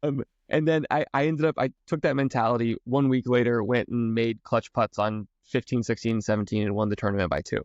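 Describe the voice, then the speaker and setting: A man's voice: mid-range voice, steady tone, a little fast, few pauses, darkish tone, no room sound, muffled recording. A man hosting a golf podcast, telling stories with enthusiasm and stumbling over repeated words. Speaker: podcast host and golf coach. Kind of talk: casual podcast conversation.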